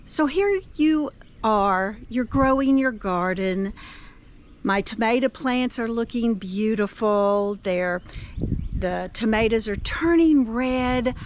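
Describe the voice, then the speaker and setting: Woman, sixties, slightly high voice, casual storytelling, outdoors. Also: lively intonation, slow pace, slight background noise. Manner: chatty and storytelling, with filler words. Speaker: gardening vlogger. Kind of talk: casual chat to camera. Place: outdoors in a garden.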